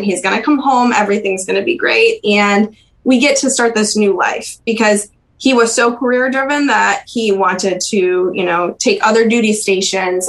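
This young woman, a podcast interview guest, softly works through personal recollections, frequently stopping and beginning again. Her pitch is medium and the recording is low in quality.

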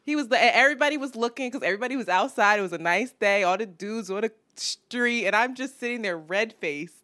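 A woman hosting a podcast, telling stories in an animated, profane, laugh-filled casual chat. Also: fairly high pitch, brisk. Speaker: podcast host.

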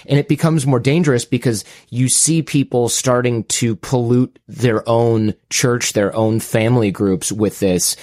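A man's voice: mid-range voice, fairly even intonation, measured pace, hardly any pauses, darkish tone, no echo, clean studio sound. A man hosting an interview, talking in a casual, engaged, conversational way. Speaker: host.

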